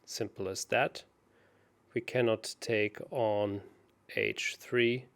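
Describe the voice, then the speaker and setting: A man co-hosting a chess show, working through puzzles out loud in a hesitant, self-mocking way. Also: on the low side, steady tone, slow pace, creaky. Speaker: chess co-host solving puzzles. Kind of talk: casual puzzle-solving chat.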